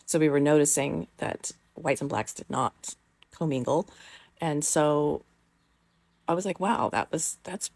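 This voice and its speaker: A woman's voice: sits low, measured pace, a little mellow, no echo. A middle-aged woman telling a personal story in a rambling, casual way, with many fillers and the odd swear word.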